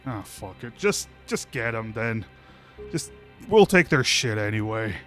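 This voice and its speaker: A man voicing a rough male bandit boss who makes gruff, slangy threats. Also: on the low side, sing-song, measured pace, fairly bright tone, soft background music. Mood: fed up.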